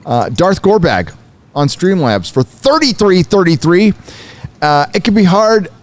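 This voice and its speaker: A man's voice: high-pitched, very animated, unhurried. A man co-hosting a live stream, chatting casually with lots of swearing and reading news and donations aloud. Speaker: co-host. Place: live event venue.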